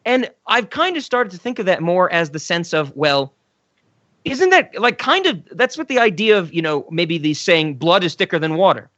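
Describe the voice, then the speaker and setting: A man's voice: high-pitched, very animated, normal speed, pushed and bright, dry recording, dull audio. A man co-hosting a film podcast, talking enthusiastically and rambling with restarts. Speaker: podcast co-host. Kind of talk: casual film discussion.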